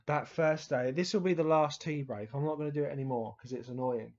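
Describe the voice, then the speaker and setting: A man's voice: a little high, brisk, a little mellow, highs cut off. A man telling childhood stories to camera in a casual, rambling way, with frequent restarts, fillers and the odd swear word. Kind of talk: casual storytelling monologue.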